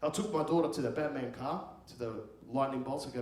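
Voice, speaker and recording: A man's voice: medium pitch, quick pace, darkish tone. A man in his thirties doing crude, rambling stand-up comedy as the host, swearing freely. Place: comedy club stage before a live crowd. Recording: echoey club with crowd noise.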